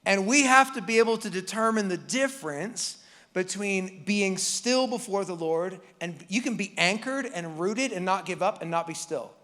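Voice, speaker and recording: A man's voice: high-pitched, expressive, moderate pace, sharp tone, long reverb tail. A man preaching a casual, joking sermon as pastor, acting out Bible characters with the congregation. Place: church hall.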